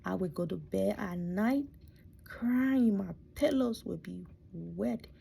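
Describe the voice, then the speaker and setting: A middle-aged woman telling her life story from her bedroom, speaking softly and reflectively, often close to a whisper and near tears. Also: lowish voice, animated, measured pace, creaky, slight background noise. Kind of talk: personal storytelling.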